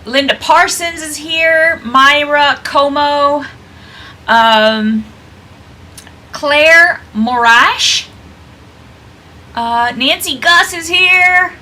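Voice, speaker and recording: A woman's voice: high-pitched, very slow, pauses often, pushed and bright. A woman co-hosting a book club livestream over a video call, chatty and laughing often. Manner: chatty, laughs often, reads out attendee names. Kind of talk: casual chat.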